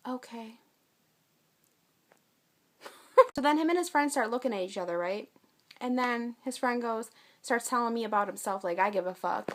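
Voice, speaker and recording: A young woman with a slightly high voice tells her own stories for a casual vlog. She talks bluntly and swears freely, acting out her side of each exchange as she goes. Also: fairly bright tone. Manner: blunt, profane, with acted-out quotes. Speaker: vlogger.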